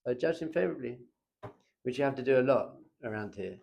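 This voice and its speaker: A man teaching a lively Torah class in a classroom. He acts out little scenes and chuckles often as he talks. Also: mid-range voice, a little fast, creaky, muffled recording, slight background noise.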